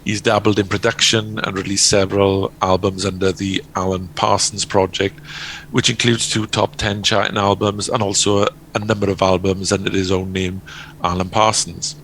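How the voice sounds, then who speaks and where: Low gravelly man reading a review. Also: little pitch movement, fairly bright tone, a little hiss or hum, low-quality recording. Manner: halting, stumbles over words. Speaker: album reviewer.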